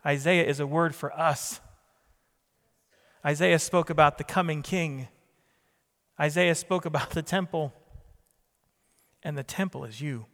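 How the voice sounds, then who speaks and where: A man's voice: fairly high pitch, measured pace, pauses often, a bit bright. Emphatic preacher man in a reverberant hall. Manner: emphatic preaching with repeated phrases and questions to the congregation. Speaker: pastor. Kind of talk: sermon.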